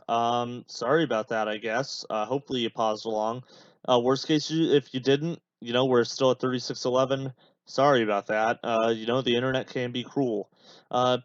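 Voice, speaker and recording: A man's voice: medium pitch, no room sound, muffled recording. A young man hosting a podcast, rambling casually through a watch-along with lots of filler words. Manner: rambling, many fillers, chatty asides. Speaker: podcast host.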